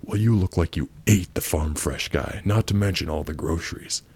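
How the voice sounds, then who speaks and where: A man's voice: deep voice, normal speed, creaky, a little mellow, slightly rough. A man performing a crude prank role-play as he reads a chat aloud, with a blunt, abrasive manner and sudden outbursts.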